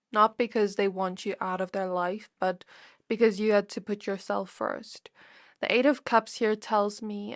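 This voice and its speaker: A woman reads tarot for her viewers, speaking softly and intimately at an ordinary pitch. She sounds emotional, close to tears. The recording is dry and close, with no room echo. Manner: soft, intimate, emotional and reflective. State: teary, close to crying. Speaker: tarot reader. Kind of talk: pick-a-card tarot reading.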